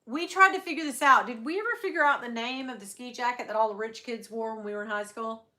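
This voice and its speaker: Fast and sharp-toned, her voice sits fairly high in pitch. She's a middle-aged woman on a casual livestream, chatting, rambling and frequently laughing with the people watching.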